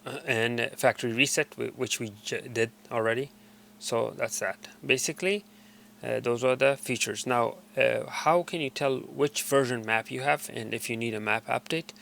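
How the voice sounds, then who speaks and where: A man's voice: mid-range voice, normal speed, vocal fry, bright, forceful tone, slight background noise. A man casually walking viewers through device settings step by step, with a loose, hesitant delivery full of fillers and restarts. He often stops mid-sentence and starts again. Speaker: tutorial presenter. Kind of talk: casual screen walkthrough.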